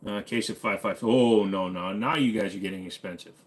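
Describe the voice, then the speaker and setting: Laid-back low-voiced American man. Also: a little fast, slight background noise. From United States. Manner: laid-back, joking, drawling with frequent "uh" fillers. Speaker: host. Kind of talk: casual live-stream chat reading viewer comments.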